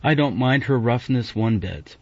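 A man's voice: medium pitch, lively intonation, unhurried. A man reading an audiobook voices a guarded, emotional young woman who speaks hastily. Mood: distressed. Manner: tense, hasty. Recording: dull, dry audiobook recording.

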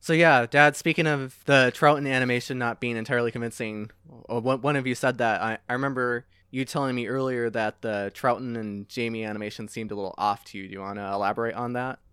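Male guest, fast and smooth-voiced, quizzical. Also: mid-range voice, steady tone, fairly bright tone, dry recording, studio quality. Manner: quick, questioning, puzzled. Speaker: guest, son of a host. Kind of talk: casual chat.

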